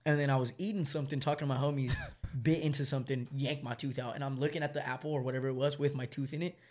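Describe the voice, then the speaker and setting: A man's voice: medium pitch, fairly even intonation, very fast, darkish tone. A young man, telling a long story in slangy, rambling casual chat and laughing often. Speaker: storyteller guest.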